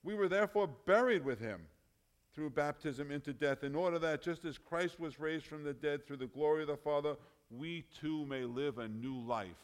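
A man's voice: a little high, steady tone, moderate pace, few pauses, clear, resonant tone. Emphatic man preaching a sermon. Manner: emphatic, rising and dropping in loudness.

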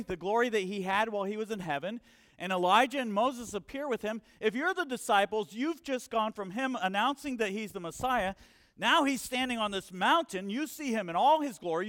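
A man preaching a sermon, animated, acting out quotes and asking questions. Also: high voice, no room sound, studio quality.

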